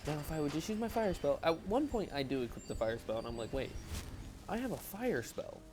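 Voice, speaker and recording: A man's voice: fairly high pitch, big pitch swings, brisk, music in the background. A young adult man giving casual, rambling, self-deprecating gameplay commentary while tired and yawning. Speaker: gaming video host.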